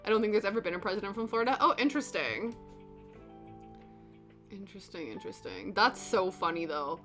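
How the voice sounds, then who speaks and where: A woman's voice: mid-range voice, expressive, fast talker. A woman streamer chatting casually while she cross stitches and reads her chat, rambling with lots of fillers and acted-out quotes. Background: soft background music.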